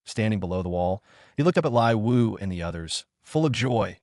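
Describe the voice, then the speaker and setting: Low-voiced man narrating a storybook. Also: expressive, brisk, darkish tone, no echo, clean studio sound.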